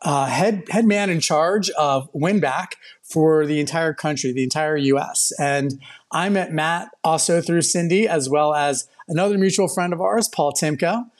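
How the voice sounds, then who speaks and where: Podcast host guy, kinda high voice, cracking jokes, upbeat. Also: unhurried. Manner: upbeat, jokey. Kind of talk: casual podcast chat.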